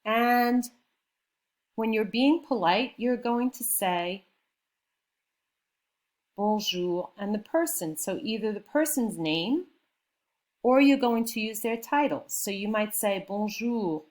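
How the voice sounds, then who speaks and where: A woman's voice: a little high, animated, slow pace, pauses often. A woman teaching a beginner French class, explaining patiently and checking in often with her students. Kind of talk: classroom lesson.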